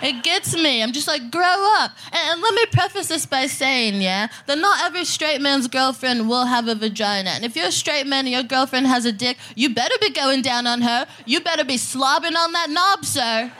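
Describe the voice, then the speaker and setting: A woman's voice: high voice, animated, moderate pace, hardly any pauses, sharp tone. A woman performing a crude, punchy stand-up set live on a festival stage, laughing through her jokes. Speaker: stand-up comedian, guest.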